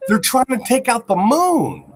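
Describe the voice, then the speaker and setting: A man's voice: very high voice, wildly swooping pitch, a little slow, crowd noise. A man co-hosting a podcast in casual chat, rambling and swearing as he spins a mock conspiracy theory. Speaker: podcast co-host.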